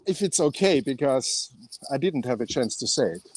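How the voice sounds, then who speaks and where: A man's voice: mid-range voice, expressive, normal speed, slightly rough. A man with an Austrian accent chatting casually on a fan phone-in show, talking with many fillers and restarts. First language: German.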